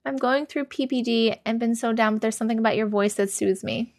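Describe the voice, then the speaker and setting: A woman's voice: fairly high pitch, brisk, no echo, studio quality. A woman hosting a live stream, reading viewers' scary stories aloud and reacting to chat. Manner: expressive, reacts with gasps and laughs between reading.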